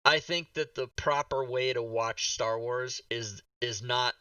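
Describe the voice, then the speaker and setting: A man hosting a podcast, telling a rambling, animated story full of swearing and acted-out reactions. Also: mid-range voice, measured pace, smooth, dry recording, distant mic, rough recording. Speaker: podcast host. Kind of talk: casual chat.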